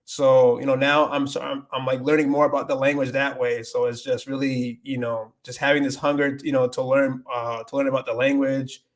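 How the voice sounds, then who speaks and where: A man's voice: medium pitch, little pitch movement, a little fast, hardly any pauses. A man hosting a casual livestream, rambling with many restarts, switching between English and Spanish and reading viewer comments aloud. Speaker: livestream host.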